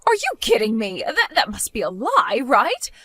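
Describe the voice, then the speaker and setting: A bossy middle-aged mother-in-law from an animated storytime cartoon, as a woman voices her, demanding and scolding in a fairly high voice. Her pitch swings widely from line to line. The sound is close and dry. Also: normal speed, no room sound, heavily acted. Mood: alarmed.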